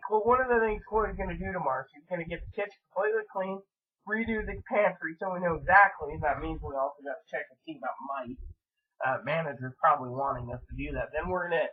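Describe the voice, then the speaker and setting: A man who works as a minister, chatting casually and rambling between topics in a vlog. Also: a little high. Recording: distant tinny phone-like sound.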